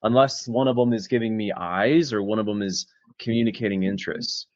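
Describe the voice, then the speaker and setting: Guy talking dating tips, casual, swears a lot, deep-ish voice, dead dry slightly dull audio. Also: brisk, no room sound. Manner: casual, swears, acts out both sides of bar conversations. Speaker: dating coach. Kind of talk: casual coaching chat with role-played examples.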